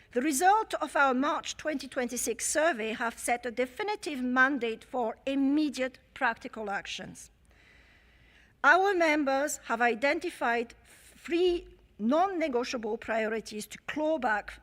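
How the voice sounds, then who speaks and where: A woman's voice: high-pitched, fairly bright tone. A woman with a French accent delivering an emphatic, rhetorical speech to a conference. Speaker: conference speaker and chair. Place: large conference hall. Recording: long hall reverb.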